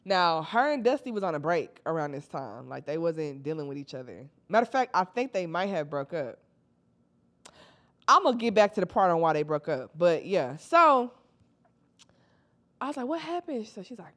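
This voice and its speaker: A young woman telling a casual storytime, slangy and animated, acting out her friends' lines. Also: mid-range voice, a little fast. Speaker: storytime vlogger.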